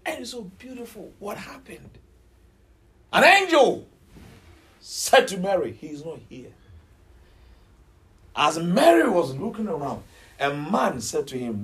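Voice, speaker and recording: Dramatic male preacher, shouts and whispers. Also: sits high, huge pitch swings, unhurried, rough recording. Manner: dramatic storytelling, swings between shouts and hushed near-whispers. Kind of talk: sermon.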